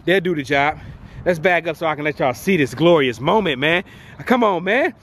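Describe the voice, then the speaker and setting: A man in an excited car walkaround vlog, talking outdoors at a dealership lot in a hyped, slangy way with rhyming wordplay and repeated catchphrases. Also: fairly high pitch, a little fast, slight background noise. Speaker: car vlogger.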